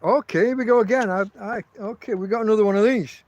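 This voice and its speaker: A man's voice: sits high, fast talker, no echo, highs cut off. An English man hosting a casual livestream from his tent, telling rambling, profane stories full of restarts. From England. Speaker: podcast host.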